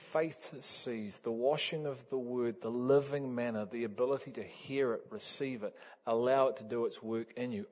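A man preaching a sermon, telling a story with lively energy and laughter, building up to loud exclamations. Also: medium pitch. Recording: dull lo-fi sound.

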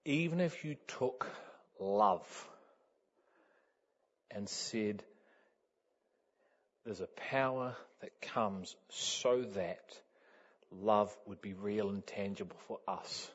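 Animated male preacher, dull lo-fi recording. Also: fairly low pitch, extremely slow, pauses often. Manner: animated, laughing storyteller, builds to shouting. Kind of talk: sermon with storytelling. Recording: dull lo-fi sound.

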